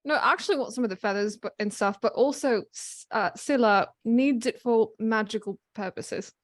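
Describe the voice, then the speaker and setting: Eager woman player, fairly high voice. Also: moderate pace. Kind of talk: casual chat at a game table.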